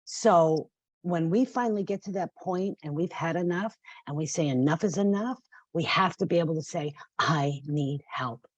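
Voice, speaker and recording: A woman's voice: fairly low pitch, moderate pace, a little mellow, dry recording, lo-fi sound. A woman in her fifties speaking as a podcast guest, passionate and emphatic, sometimes tearful. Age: 50s. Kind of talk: podcast interview.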